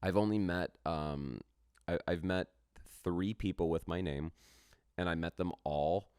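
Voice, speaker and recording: A man's voice: deep voice, unhurried, a little mellow, clear, resonant tone, dry recording, clean studio sound. A man co-hosting a podcast in casual chat, telling a long rambling story and swearing freely. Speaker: podcast co-host.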